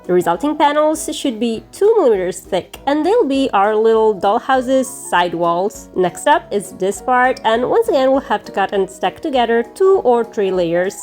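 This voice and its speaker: A woman hosting a crafting channel, giving friendly, clear step-by-step instructions in a scripted tutorial voice-over. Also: fairly high pitch, big pitch swings, normal speed, few pauses, darkish tone, faint music behind.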